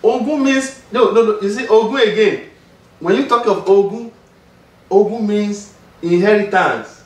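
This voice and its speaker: A man with a Nigerian accent teaching Yoruba, slowly drilling words and repeating them for a student. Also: high-pitched. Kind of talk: patient classroom teaching. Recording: roomy sound, mic far off.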